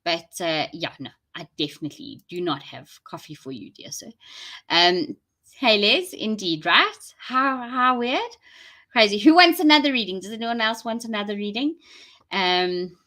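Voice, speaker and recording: A woman's voice: mid-range voice, animated, normal speed, sharp tone. A woman with a South African accent, chatting casually and rambling to viewers during a live stream, laughing often. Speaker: livestream host.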